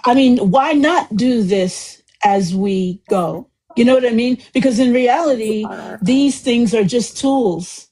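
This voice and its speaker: Chatty husky woman hosting live. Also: fairly high pitch, slow, low-quality recording. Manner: chatty, rambling, warm and effusive. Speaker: host of a live book club discussion. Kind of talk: casual live group chat.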